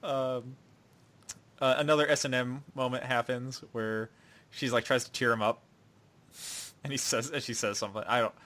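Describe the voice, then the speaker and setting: A man's voice: medium pitch, fairly even intonation, moderate pace, pauses often, a bit bright. Rambling man in casual chat. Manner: rambling retelling with playful acted quotes. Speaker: podcast co-host.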